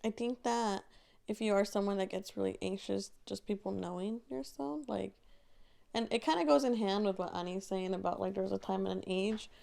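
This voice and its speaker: A woman's voice: medium pitch, fairly even intonation, moderate pace, vocal fry, darkish tone. A young married woman co-hosting a podcast, chatting in an upbeat, chatty way. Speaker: podcast co-host. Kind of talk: casual chat.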